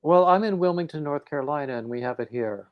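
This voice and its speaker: A man's voice: fairly high pitch, fast, no room sound, dull audio. Chatty middle-aged man host, dry sound. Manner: chatty storyteller. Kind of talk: casual livestream chat.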